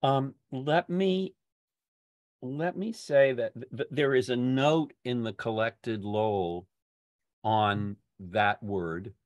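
An older man leading a poetry discussion group, talking in a halting way with many restarts and fillers. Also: mid-range voice, no room sound, studio quality. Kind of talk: casual literary discussion.

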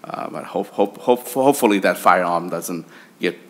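A man chairing a state senate committee hearing, speaking in a halting way with repeated words. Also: low voice. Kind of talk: legislative hearing remarks.

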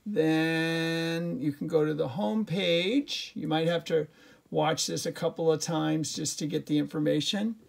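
A man's voice: on the high side, fairly even intonation, unhurried, vocal fry. A middle-aged male teacher giving a recorded class lesson, chatty and jokey, with lots of fillers and restarts.

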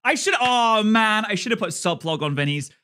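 A man streaming, reacting to a video with animated, joking commentary. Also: sits high, smooth. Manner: animated, joking, rapid asides. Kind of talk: casual live-stream commentary.

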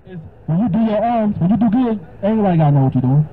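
A man answering a question with informal Bible teaching, talking casually and reading the verses aloud more slowly. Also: animated. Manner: casual, conversational, reads verses slower and higher. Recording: dull lo-fi recording with faint noise.

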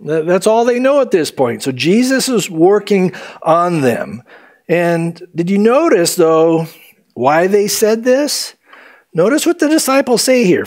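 A man preaching a sermon as pastor, animated and acting out the quotes in different voices. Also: sits high, a little slow.

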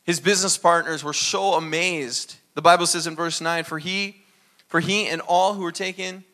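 A man preaching a sermon as pastor, animated and acting out little dialogues. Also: fairly high pitch, moderate pace.

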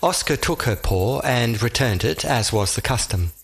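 Measured male storybook narrator. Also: medium pitch, expressive, husky. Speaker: audiobook narrator.

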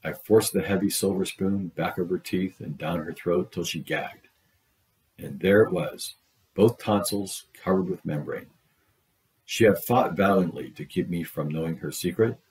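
A man reading a short story aloud in a steady, measured way, voicing the dialogue as he goes. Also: deep voice, low-quality recording. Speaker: audiobook reader. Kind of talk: read-aloud literary narration.

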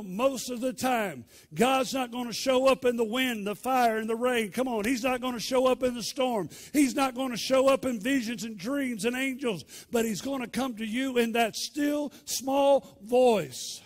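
A man preaching a Sunday morning sermon in a church, swinging from loud shouts to hushed, near-whispered lines. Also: extremely high pitch. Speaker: pastor. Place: church sanctuary.

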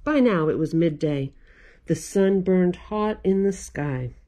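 A woman's voice: on the low side, takes it slowly, dark tone. A woman librarian reading a picture book aloud to children, playful and laughing often.

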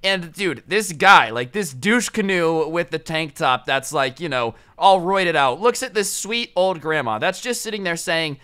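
A man's voice: on the high side, sing-song, normal speed, few pauses, sharp tone, clear, resonant tone. A young adult man telling a story in a casual vlog, chatty and slangy with lots of asides. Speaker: storytime vlogger.

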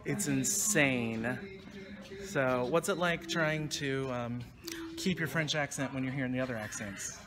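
A man's voice: medium pitch, measured pace. A man with a slight West Virginia accent hosting a casual backstage chat, joking and teasing the cast. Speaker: host. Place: theater set, indoors. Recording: noisy room sound.

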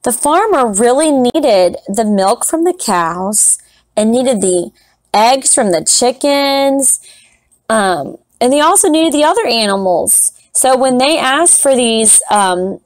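A woman teacher reading a picture book aloud to young students in a gentle, encouraging way. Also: a little high, expressive, slow, dry recording. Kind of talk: children's read-aloud. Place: classroom recording setup.

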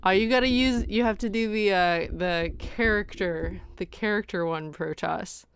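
A woman, a streamer and voice actor, chats casually on a livestream from her room, laughing often and thanking viewers, her voice tired at the end of the day. She speaks at a moderate pace with a mid-range voice, and there's a little hiss or hum in the audio.

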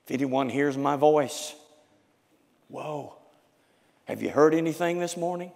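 A man preaching as a pastor, with a raspy, loud voice, swinging from shouts to hushed prayer. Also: a little high, a little slow, pauses often, big-room sound. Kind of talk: sermon. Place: church sanctuary.

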